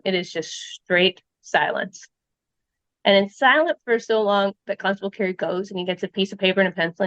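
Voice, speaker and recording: A Canadian woman, a storyteller guest, casually retells a true-crime story, acting out the quotes and using lots of fillers. Her voice is medium in pitch, and the recording is dry and dull.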